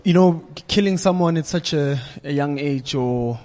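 Measured man host in a reverberant room. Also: a little high, darkish tone. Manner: measured, probing questions. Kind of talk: hosted panel discussion.

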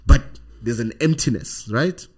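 Husky South African man telling a story. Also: medium pitch, takes it slowly. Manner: animated, tags sentences with "right?", laughs often. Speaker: podcast guest. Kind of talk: personal storytelling in casual conversation.

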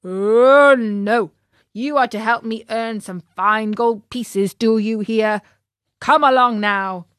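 A woman's voice: fairly high pitch, slow, fairly bright tone, no echo, clean studio sound. A woman voicing an angry, bullying circus owner who talks in a harsh, scolding way.

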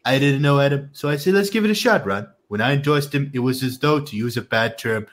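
A man's voice: mid-range voice, expressive, brisk, pitched above the performer's own voice, natural voice. A man voicing a boastful, blustering male politician in a comic impression, reading a statement aloud with bragging claims and mocking nicknames.

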